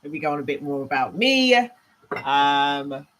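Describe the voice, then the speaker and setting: A deep-voiced Englishwoman talks fast with big pitch swings and a slightly bright sound. Hosting a live Q&A as a leadership trainer, she chats and rambles on a live stream, thinking aloud as she moves through her home.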